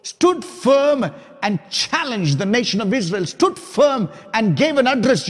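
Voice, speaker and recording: A high-voiced man with a gravelly, husky edge delivers a sermon as a pastor, hammering his points home through loud repetition. His voice rings with the long reverb of a hall. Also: very animated, measured pace. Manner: preaching, rising to loud emphatic repetition.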